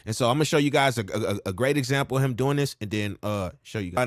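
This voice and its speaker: A man's voice: mid-range voice, fast, few pauses, no echo, clean studio sound. A man giving a laid-back, slangy rap coaching lesson, often checking in with "all right?". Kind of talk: casual music lesson with rap demos.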